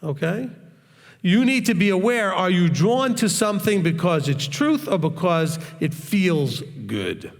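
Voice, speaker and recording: A man's voice: high voice, sing-song, unhurried, gravelly. A man teaching in a Q&A session, talking in a hard, straightforward and blunt way. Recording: long reverb, echoey hall.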